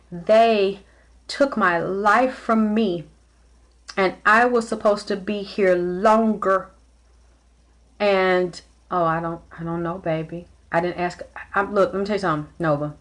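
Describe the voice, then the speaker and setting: A woman speaking casually to a live audience, rambling and halting, with many fillers and restarts as she greets viewers mid-story. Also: medium pitch, fairly bright tone. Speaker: spiritual medium host. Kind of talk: casual livestream talk.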